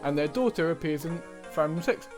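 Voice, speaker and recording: A man's voice: a little high, animated, brisk, music in the background. A man casually commenting while playing and reading through a video game, with offhand asides. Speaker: video game player narrating. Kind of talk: casual let's-play commentary.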